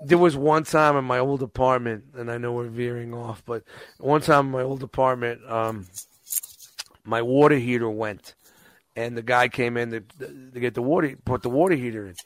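A man's voice: mid-range voice, fairly even intonation, normal speed, no room sound. Profane rambling male storyteller, dry mic. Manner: rambling, profane, acts out quotes.

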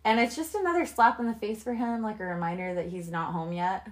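A woman's voice: mid-range voice, brisk. A young woman co-hosting a podcast, telling stories in a loose, profane way and laughing often. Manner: profane, animated storytelling with frequent laughter. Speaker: podcast co-host. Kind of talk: casual chat.

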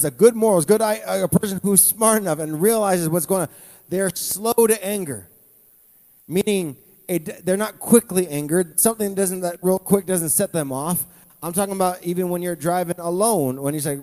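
A man's voice: high-pitched, mellow. Man preaching in a reverberant church hall. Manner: conversational preaching, restarts and asides to the congregation. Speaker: pastor. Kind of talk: sermon.

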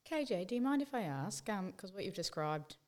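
A woman's voice: medium pitch, very animated, brisk, a little mellow. A woman, a former soldier, asking a question in a tentative, careful way. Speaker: panel guest, former soldier. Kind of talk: conversational interview.

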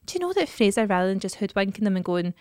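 Lady podcast host, talks quick, laughing thru a story, dry close sound. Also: medium pitch, smooth, dry recording. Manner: animated storyteller, lots of laughing. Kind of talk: casual chat.

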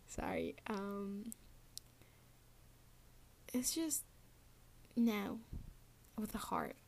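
Young woman ranting on her podcast, keeps dropping to a whisper, says like a lot, slow talker. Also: on the high side, darkish tone, slightly rough. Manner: often drops to a whisper, lots of "like". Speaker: podcast host. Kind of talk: casual solo rant.

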